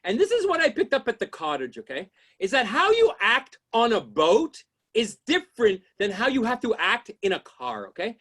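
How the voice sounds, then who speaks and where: Guy doing standup, high voice, rambles then yells the punchline, keeps going "you know what i mean". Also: wildly swooping pitch, moderate pace. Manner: rambling setups, shouted exasperated punchlines. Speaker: stand-up comedian. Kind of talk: stand-up comedy set.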